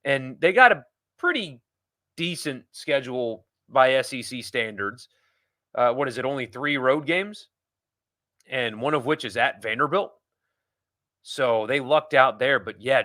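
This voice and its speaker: A sports podcast host runs a live talk show, reading viewer comments and rambling through his opinions with frequent restarts. His mid-range voice has lively intonation, a sharp tone and a moderate pace, in a casual live-stream chat.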